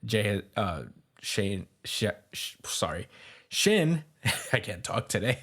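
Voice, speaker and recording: A man's voice: fairly low pitch, sing-song, slow, fairly bright tone, slight background noise. A man hosting a podcast, casually recapping a comic's plot with many fillers, stumbles and chuckles. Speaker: podcast host.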